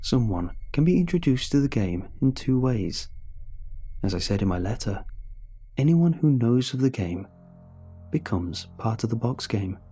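A man voicing a scheming male demon who calmly and persuasively bargains for souls, read in a storybook narration. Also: fairly low pitch, breathy edge. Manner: calm, persuasive explaining. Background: faint music.

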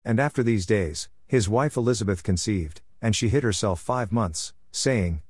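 A man reads scripture aloud in a steady, formal cadence. His voice sits low, and the recording is dry and close with no room sound. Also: normal speed, hardly any pauses, slightly rough, no echo. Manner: steady, even, formal reading. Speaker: scripture reader.

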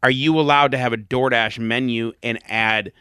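A man with a bright, smooth voice hosts a casual chat and steers it with questions. His tone is lively, and the sound is dry and close. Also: medium pitch, moderate pace, no echo. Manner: steers the talk with follow-up questions. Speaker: podcast host.

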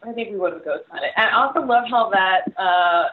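A woman's voice: mid-range voice, lively intonation, a little fast, a crowd in the background. A woman in casual chat recapping a reality show, playful and jokey. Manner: playful, jokey, laughs while talking. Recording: tinny phone-like line.

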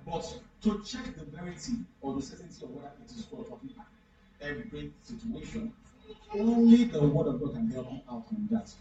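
A man's voice: fairly high pitch, mellow. Man preaching from far off in an echoey hall. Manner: repeats questions to the congregation. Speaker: pastor. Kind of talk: interactive sermon. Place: church hall. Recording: echoey, distant, dull room recording.

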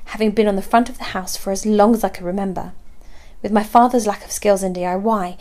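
Brief: woman narrator, even first-person storytelling, middle pitch. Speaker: audiobook narrator.

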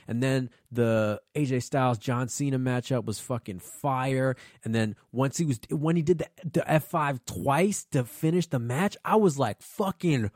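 Profane, excitable male podcast host. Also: mid-range voice, no echo, studio quality. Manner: profane, excitable rambling with laughs. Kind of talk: casual solo podcast monologue.

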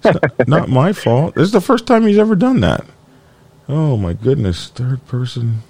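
A man's voice: mid-range voice, sing-song, normal speed, darkish tone, husky. A man hosting a casual biker news live stream, rambling and joking while dealing with his dog and computer trouble. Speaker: biker news show host.

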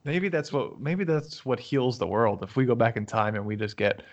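A man's voice: mid-range voice, normal speed, dull audio. A man casually recapping a movie with a friend, joking crudely and laughing often. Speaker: podcast co-host.

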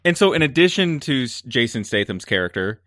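A man in casual conversation, ranting in an animated way about a film with lots of "like" and restarts. His voice sits at an ordinary pitch and sounds close and dry, with no room sound. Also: fairly quick, no room sound. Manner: animated ranting, filler-heavy. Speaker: podcast co-host. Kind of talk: casual movie review chat.

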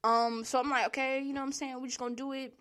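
A woman's voice: high-pitched, level tone, fast, a bit bright, clean tone. A young woman, telling a work story in a casual, profane monologue, laughing often and acting out the people she quotes.

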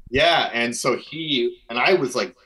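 A man's voice: mid-range voice, unhurried, sharp tone, poor audio. A man from Minnesota, a guest telling a long personal story in a casual interview, full of fillers and restarts. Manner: rambling, filler-heavy, earnest.

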